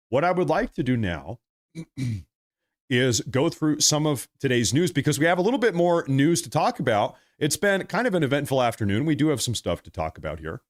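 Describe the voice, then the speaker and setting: Middle-aged guy doing a live stream, chatty and animated, repeats himself a lot, thanks people constantly. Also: mid-range voice. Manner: animated, repetitive, thanks viewers often. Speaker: livestream host reading super chats. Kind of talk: casual live-stream commentary.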